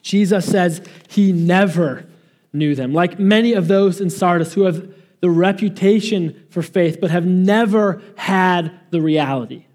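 Pastor guy preaching, fairly high voice, earnest, leans hard on the big words. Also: darkish tone. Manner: earnest, emphatic preaching with slow stressed phrases. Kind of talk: sermon.

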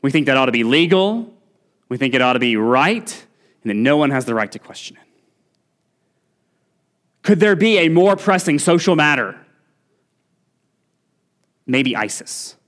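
Unhurried and pausing often, a medium-pitched, fairly bright-toned pastor preaches with great animation in a church sanctuary. He is earnest and pressing, lifting his voice on key points and occasionally restarting.

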